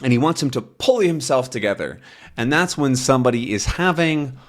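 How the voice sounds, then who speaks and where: A man's voice: mid-range voice, lively intonation, moderate pace. A man teaching English with a comic, explaining patiently and rephrasing words in simple terms. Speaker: English teacher and channel host. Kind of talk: slow explanatory language lesson.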